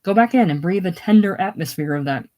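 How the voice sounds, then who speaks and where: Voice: mid-range voice, animated, fairly quick, a little mellow, lightly acted. A reader doing a touchy, prideful man. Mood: defensive. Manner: defensive, snappish. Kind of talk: casual solo play reading.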